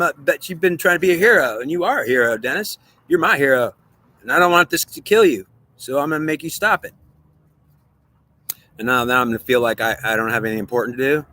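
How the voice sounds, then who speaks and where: This vlogger speaks quickly in a sharp, higher-pitched voice. Talking solo to the camera, he plays both parts of an earnest, circular argument with himself.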